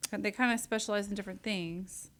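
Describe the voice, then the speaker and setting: Loud, chatty woman radio host. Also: mid-range voice, fairly even intonation, a little fast. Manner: loud, talks close to the mic, chatty with fillers. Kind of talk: casual interview chat. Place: community radio studio.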